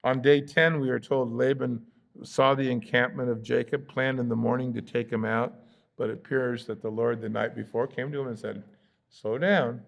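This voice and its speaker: An American pastor teaches a Bible study in a relaxed, conversational way. His voice sits in a middle pitch with a gravelly edge, and he breaks up the reading with playful asides where he acts out the characters. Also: normal speed. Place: church sanctuary.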